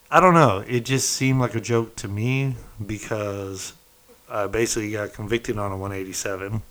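A man's voice: on the low side, fairly bright tone. A man casually telling a loose, rambling story from his time in prison, swearing and quoting the people in it.

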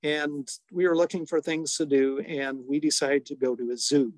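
Brief: middle-aged male storyteller, slightly high voice, close and dry, unhurried with chuckles. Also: fairly even intonation, no room sound. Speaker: storytelling guest, father. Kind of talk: relaxed anecdotal storytelling.

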